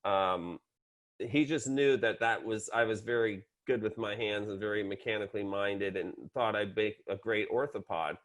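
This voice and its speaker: This is a man in his sixties, a psychiatrist guest in a casual interview. His voice sits slightly low, and his humor comes out dry and deadpan. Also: moderate pace. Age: 60s.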